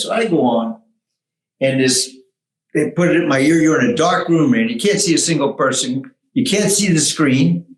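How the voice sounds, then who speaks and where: Animated older man telling stories in a roomy echo. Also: fairly high pitch. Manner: animated storyteller who laughs at his own stories and acts out quotes. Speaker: guest, former tech executive. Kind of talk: storytelling interview, lively anecdotes.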